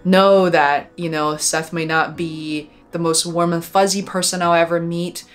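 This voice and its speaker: A woman with a somewhat low voice shares a personal memory on her vlog. She talks in an earnest, heartfelt way and often pauses on small fillers as she gathers her thoughts. She sounds like a filmmaker looking back on a meaningful moment. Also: level tone, soft background music. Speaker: documentary filmmaker and vlogger.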